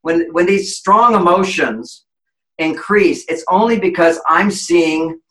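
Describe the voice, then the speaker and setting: A man's voice: high voice, takes it slowly, sharp tone, roomy sound, rough recording. A man giving relationship advice as an interview guest, explaining in an emphatic, lecturing way and acting out quoted voices.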